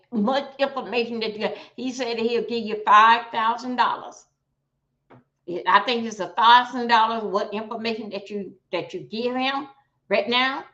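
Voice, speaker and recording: A high, bright-voiced woman runs a casual livestream, calling out to her viewers in a blunt, profane, exclamatory way. Her sharp tone comes through dull, lo-fi stream audio. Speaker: livestream host.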